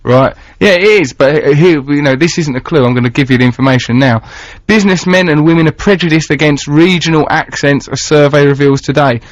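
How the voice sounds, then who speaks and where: A man's voice: a little high, brisk, few pauses, no echo. A man with an Essex accent hosting casual radio chat, playful and theatrical, sometimes slipping into put-on voices. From England. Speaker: radio host. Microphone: studio mic. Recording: dry, dull lo-fi radio broadcast.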